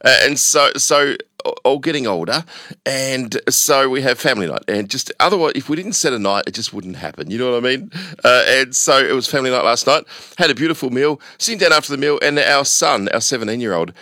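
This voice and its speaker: Animated middle-aged male radio host. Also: brisk, dry recording, studio quality. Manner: animated storytelling, voice jumping high when embarrassed. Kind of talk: casual radio chat. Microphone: studio microphone.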